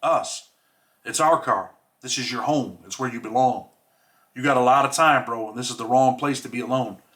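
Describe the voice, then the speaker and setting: A man's voice: medium pitch, moderate pace, fairly bright tone, lightly acted. A man reading as a stern prison inmate who speaks in a firm, urgent way. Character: stern male inmate recruiter.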